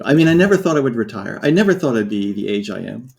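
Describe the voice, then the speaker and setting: A man from the United States in his fifties, speaking as a podcast guest. His voice is gravelly and dark-toned. He tells his story candidly and reflectively, often breaking off and restarting his sentences. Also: mid-range voice, big pitch swings, quick pace. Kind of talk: personal storytelling in a podcast interview.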